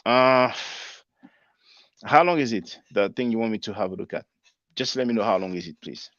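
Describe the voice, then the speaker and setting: A man in his forties with a lowish voice hosts his channel, reading out viewer comments and answering them in loose, conversational commentary. The sound is dry and a little dull, with no room echo. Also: moderate pace, fairly bright tone. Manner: conversational, spells words out, laughs at comments. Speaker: channel host reading live chat.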